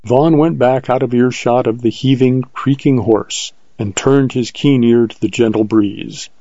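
A man reading an audiobook in scripted narration, calm and even. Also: mid-range voice, a little slow, no echo, dull audio.

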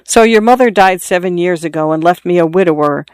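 A reader voicing a dying middle-aged father who confides in his son, insistent and repetitive, in a smooth voice. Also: mid-range voice, a little fast, a little mellow, no room sound, natural voice. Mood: confiding. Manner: confiding, insistent, repeating himself. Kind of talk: audiobook reading.

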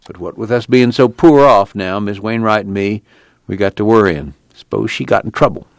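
This is a humble, worried farmer father, earnest and pleading in a plain rural dialect, as a man reads him. The voice is low and close. The sound is dry. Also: moderate pace, gravelly, dry recording.

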